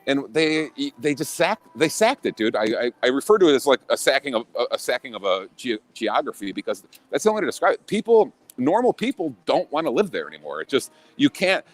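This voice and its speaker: A man's voice: mid-range voice, big pitch swings, brisk, hardly any pauses. A man from Illinois talking in a casual chat as a podcast guest, blunt and profane, with many restarts.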